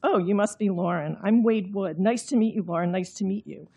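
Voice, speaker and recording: A woman's voice: medium pitch, fairly quick, vocal fry, dark tone, slightly rough. A woman reading aloud and voicing a pale, nervous man who speaks hesitantly. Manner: hesitant and fumbling.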